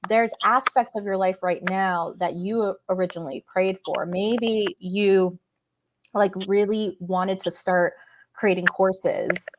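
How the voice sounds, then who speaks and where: A woman guest, a business coach, speaking in casual chat with a measured, encouraging coaching manner. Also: medium pitch, fairly even intonation, noisy background.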